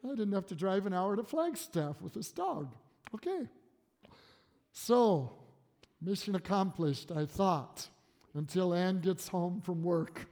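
Guy preaching a folksy sermon, slow and mellow, echoey church hall. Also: on the high side, expressive. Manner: folksy storytelling, conversational. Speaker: pastor.

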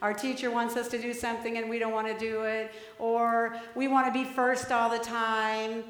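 This is a woman leading a children's sermon in a church, her voice a touch high and carrying. She talks in a lively, coaxing way, asking the kids questions. The sound rings around a big, echoey hall with a long tail of reverb. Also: moderate pace. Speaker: children's message leader. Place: church sanctuary.

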